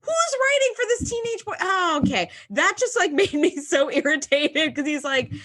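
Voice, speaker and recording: A woman's voice: very high voice, very animated, normal speed, a bit bright. A young woman co-hosting a podcast in casual chat, ranting in an exasperated way and acting out quotes. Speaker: podcast co-host.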